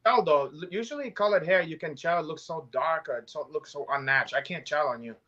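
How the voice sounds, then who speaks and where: A man's voice: a little high, quick pace, bright, forceful tone, dull audio, slight background noise. A man co-hosting a casual podcast, joking around in a loose, profane way. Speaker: co-host.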